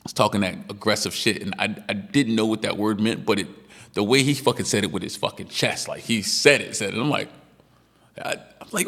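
A man with a low, gravelly voice, chatting casually as a podcast co-host. He tells stories with lots of energy, laughing and swearing freely. His voice carries a long room reverb. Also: brisk. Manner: animated storyteller, laughs often, swears freely. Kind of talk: casual chat.

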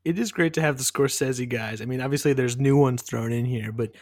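Regular guy talking movies, mid pitch, relaxed and easy. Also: a little fast, no echo, studio quality. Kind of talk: casual movie chat.

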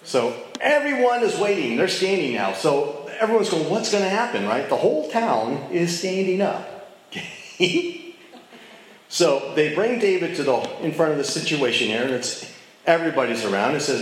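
A man's voice: medium pitch, slight background noise. A man teaching a casual Bible study, talking conversationally and checking in with his listeners. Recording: very echoey room.

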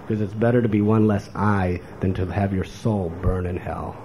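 Mellow-voiced man preaching a sermon. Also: lowish voice, normal speed, rough recording. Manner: animated, acts out quoted voices. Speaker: spiritual teacher. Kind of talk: sermon lecture. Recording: faint background noise.

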